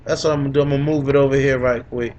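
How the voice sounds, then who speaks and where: A man's voice: mid-range voice, fairly even intonation, very fast, darkish tone, highs cut off. A young man co-hosting a podcast, gloating in casual MMA talk, teasing his co-host and repeating lines for emphasis with lots of laughter.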